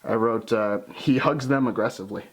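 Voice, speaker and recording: A man's voice: on the low side, fairly quick. A man co-hosting a casual chat, laughing often and swearing as he acts out quotes. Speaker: podcast co-host. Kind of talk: casual chat recapping wrestling.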